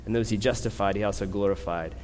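With a fairly low, steady voice, a man preaches in a conversational style, frequently tagging his points with "right?" To drive a point home he turns louder and slower. His voice rings with a long hall echo over slight background noise.

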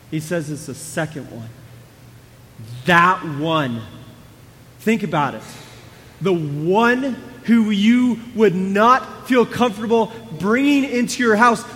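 High-voiced man preaching in an echoing hall. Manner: conversational, swings between hushed and emphatic. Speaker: pastor. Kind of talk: sermon.

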